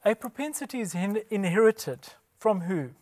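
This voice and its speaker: A man's voice: sits high, lively intonation, normal speed, a little mellow. A man giving a scripted religious presentation, emphatic, posing rhetorical questions and answering them himself. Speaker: Bible presenter.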